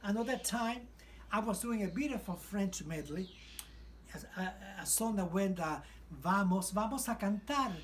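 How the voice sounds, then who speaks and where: Brief: older Cuban-accented male raconteur, animated, acts out voices. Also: high-pitched, normal speed, a little hiss or hum. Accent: Cuban Spanish. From Cuba. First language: Spanish. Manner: animated, acts out quotes and sings snatches. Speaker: retired stage singer. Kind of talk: reminiscing storytelling.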